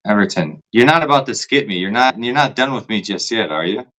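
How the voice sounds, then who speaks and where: A man talks in a loose, casual way, cursing freely and ending his points with "right?" His voice sits a little low for a man. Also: animated, brisk, fairly bright tone, rough recording. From parents from Poland. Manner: loose, swearing, repeats "right?". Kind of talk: casual chat.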